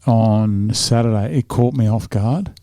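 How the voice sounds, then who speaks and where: An Australian man leads a casual interview chat in an easygoing, joking way. His voice is mellow and warm. The recording is dry and close. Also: fairly low pitch, a little slow, no echo. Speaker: podcast host.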